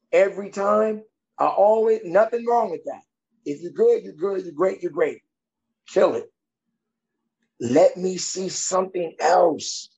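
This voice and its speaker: A man's voice: high voice, a little mellow, highs cut off. A man who works as a coach, talking bluntly and emphatically in a conversation and giving tough-love advice. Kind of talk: podcast conversation.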